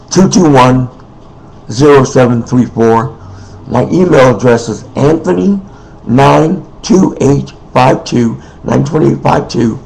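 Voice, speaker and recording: A man speaking in an unscripted personal monologue, emotional and weary, halting, repeating himself and often clearing his throat. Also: medium pitch, a little mellow, rough recording. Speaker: person making a personal appeal.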